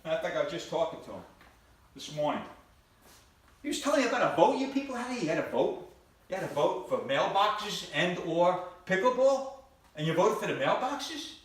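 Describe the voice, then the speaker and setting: A man's voice: on the high side, very animated, a little fast, long pauses, a bit bright. A male stand-up comedian on stage, teasing and quizzing the audience. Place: live stage before an audience. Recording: echoey hall from far off.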